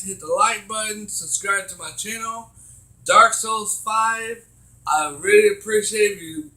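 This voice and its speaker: A man giving a casual video game review, rambling and halting with many fillers, getting excitable as he retells scenes. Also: sits high, echoey room, rough recording.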